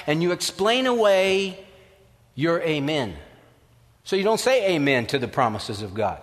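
A man preaching a sermon as pastor, lively and acting out the voices of doubters. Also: on the high side, measured pace. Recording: reverberant hall.

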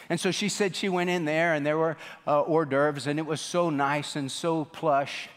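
A man's voice: medium pitch, in a large hall. A pastor preaching a sermon, telling a story and then pleading earnestly with his listeners. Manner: earnest, rising to pleading fervor.

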